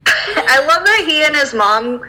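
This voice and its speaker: A woman's voice: high voice, animated, unhurried, pushed and bright, poor audio. A woman co-hosting a film podcast, amused as she retells favorite scenes. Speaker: podcast co-host. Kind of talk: casual chat about a film.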